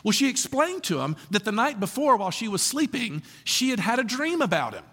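A man preaching a sermon in a high, lively voice that climbs and dips a great deal. He talks to the congregation in a conversational way and keeps asking them questions. The sound rings with the long reverb of a church hall. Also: a little fast. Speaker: pastor.

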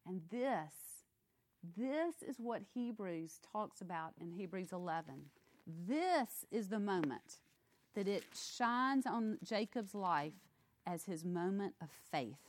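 A woman's voice: medium pitch, slow. A woman teaching a Bible study in a conversational, emphatic way, reading scripture aloud and explaining it. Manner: expressive, emphatic, acts out quotes.

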